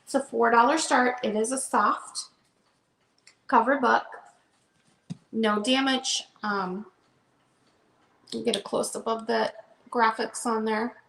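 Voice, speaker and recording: A woman's voice: on the high side, fairly even intonation, slow, gravelly, pauses often, a bit bright. A woman chatting casually as she shows books for a live online sale. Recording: roomy echo.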